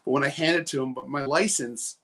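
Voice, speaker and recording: A man's voice: mid-range voice, brisk, a bit bright. A man from British Columbia, a guest on a show, telling a story in a rambling way with lots of fillers and laughs. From Canada, British Columbia. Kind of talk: casual anecdote telling.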